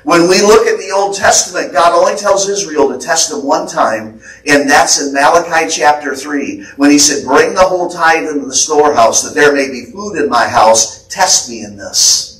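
American pastor guy preaching hard, slightly high voice, echoey church sound from a ways off the mic. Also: moderate pace, fairly bright tone. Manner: fervent preaching, relaying prophetic words. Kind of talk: sermon. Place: church sanctuary. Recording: echoey church hall, voice from a distance.

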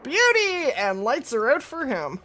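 A woman's voice: mid-range voice, animated, a little slow, fairly bright tone, a little hiss or hum. A woman chatting casually with her viewers while streaming a game from home, talking to her cat and laughing easily. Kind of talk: casual live-stream chat over gameplay.

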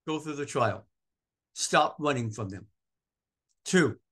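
Preaching in a church, a male pastor from Maine uses an animated, mid-range voice, taking it slowly and pausing often. He veers from loud, emphatic calls to soft, tender moments and repeats phrases for emphasis.

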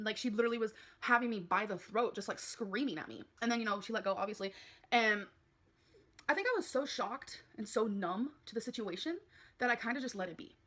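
A woman vlogger telling a personal story in a rambling, halting way, full of fillers. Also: a little high, fairly bright tone. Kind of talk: confessional vlog.

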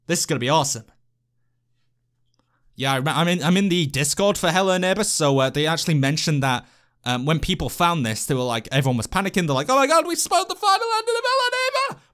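A man giving lively, jokey gameplay commentary as a let's play host, talking to the characters on screen. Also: on the high side. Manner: excitable, jokey, talks to the game characters.

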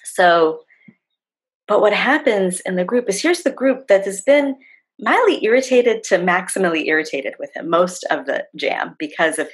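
Low husky woman with a gravelly edge. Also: poor audio. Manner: warm, animated retelling with acted-out quotes. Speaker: facilitator and guest. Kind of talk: storytelling in a conversation.

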